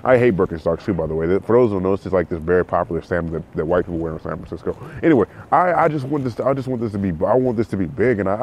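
A man's voice: on the low side, darkish tone. A man from California hosting a casual solo podcast, rambling with lots of restarts and repeats in a slangy way. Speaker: podcast host. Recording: faint background noise.

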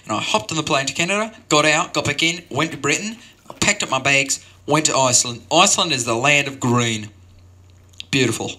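A man's voice: fairly high pitch, brisk, bright, forceful tone. A man telling a rambling, absurd open-mic story in mock-earnest tones, drifting from tangent to tangent. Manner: stumbling sign-off full of fillers. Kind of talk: improvised comic monologue.

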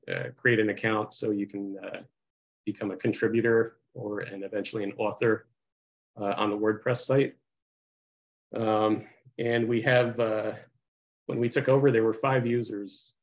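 A man presenting on a video call, halting and full of uhs and restarts, now and then muttering to himself. His voice sits fairly low. The call audio is a little dull. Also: a little mellow. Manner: halting, heavy with uh and restarts, sometimes mutters aside. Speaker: committee co-chair. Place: home office on a video call. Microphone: computer mic on a video call.

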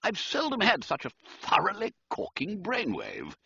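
A man's voice: sits high, wildly swooping pitch, normal speed, vocal fry, pushed and bright, husky, no echo, dull audio. A man narrating a comic story theatrically, voicing every character. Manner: theatrical, swooping, playing all characters. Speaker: audiobook narrator.

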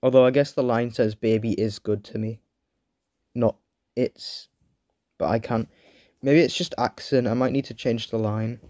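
A man reads his own review script in a flat, bored way, with a sore throat. He often trails off mid-sentence, stumbles, and starts again. His voice is mid-pitched, close and very dry, with no room sound. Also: normal speed, no echo. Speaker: video reviewer.

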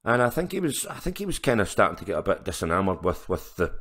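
A man's voice: deep voice, sing-song, fast talker, a bit bright. A man, a musician guest on a podcast, telling stories in a chatty way with frequent laughs and restarts. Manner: chatty storyteller, laughs often, many restarts. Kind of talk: casual interview chat.

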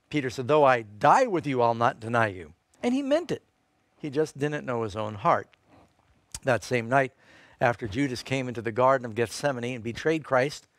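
Guy preaching a sermon, tells the story, gets louder on key points, dry close sound. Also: dry recording. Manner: storytelling preacher, quoting scripture, rises in pitch and force for emphasis. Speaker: pastor.

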